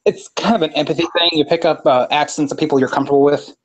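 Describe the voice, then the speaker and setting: A man's voice: on the high side, steady tone, very fast. A man from Texas with a Texas drawl, chatting casually in a laid-back, storytelling way. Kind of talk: casual group chat.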